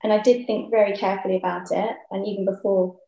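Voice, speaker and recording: A young woman, a ballet dancer, talking thoughtfully in a casual interview with many pauses and ums. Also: medium pitch, little pitch movement, creaky, warm tone, lo-fi sound. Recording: echoey room.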